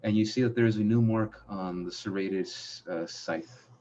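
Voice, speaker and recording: A young man in a low register narrates a tabletop game as game master. He describes each scene step by step, stopping often on fillers. The sound is muffled and lo-fi. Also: dark tone, a little hiss or hum. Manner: descriptive, halting with frequent fillers. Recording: muffled lo-fi audio.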